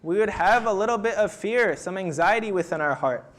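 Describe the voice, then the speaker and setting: A young man delivering an emotional religious sermon, retelling a tradition and building to loud, pleading intensity. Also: sits high, lively intonation, brisk. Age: young adult. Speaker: speaker at a mourning gathering.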